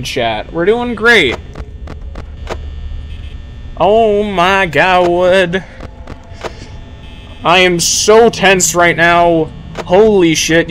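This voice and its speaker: High-voiced nervous young man streaming. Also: a little hiss or hum, poor audio. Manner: nervous rambling, swinging to loud yelling. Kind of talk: live gameplay commentary.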